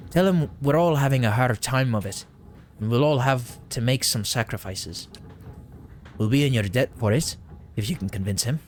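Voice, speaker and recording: A man's voice: mid-range voice, moderate pace, slight background noise, natural voice. Brief: man doing a defensive elf miller, clumsy Irish-Scottish put-on accent, game read-aloud. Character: nervous middle-aged male elf miller, defensive. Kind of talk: reading game dialogue aloud.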